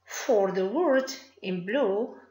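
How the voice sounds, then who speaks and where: A woman with a Moroccan accent, a native Arabic speaker, teaching an online English lesson in a slow, deliberate way and praising her learners. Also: mid-range voice, expressive, a little mellow. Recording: roomy echo.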